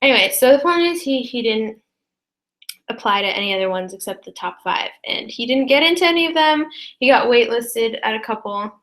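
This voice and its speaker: A teenage girl chatting casually to her viewers, rambling with many fillers and quick apologies. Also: on the high side, expressive, fairly bright tone. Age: teens. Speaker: student vlogger. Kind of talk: casual chat to camera.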